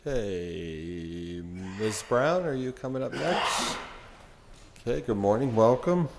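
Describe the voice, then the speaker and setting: Gravelly, unhurried man as council president, short procedural lines. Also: mid-range voice, lively intonation, a little hiss or hum. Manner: curt, businesslike. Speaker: council president chairing the meeting. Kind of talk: brief procedural remarks.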